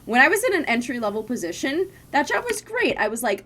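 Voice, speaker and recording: A woman's voice: on the high side, sing-song, quick pace, pushed and bright, slight background noise. Chatty young woman streamer, rambling. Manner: rambling, chatty storytelling with frequent laughs. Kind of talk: casual chat while gaming.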